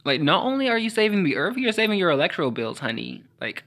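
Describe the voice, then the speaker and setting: A sassy teenage boy hosts a late-night solo podcast, rambling with caffeine jitters. He fills his talk with "like" and "honey" and trips over his words. Now and then he leaps up into high, squealing mock-outrage. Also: lively intonation, fairly quick, few pauses, a bit bright.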